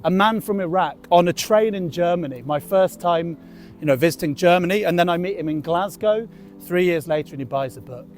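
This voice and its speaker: High-voiced cheerful monk greeting passers-by. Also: male voice, brisk, faint music behind. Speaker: temple monk and street book distributor. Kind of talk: street outreach and anecdotes.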